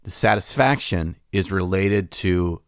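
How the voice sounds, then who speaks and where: Deep-voiced man in casual podcast chat. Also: a little slow, dry recording, clean studio sound. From United States. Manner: rambling, restarts often, laughs easily. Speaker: podcast co-host.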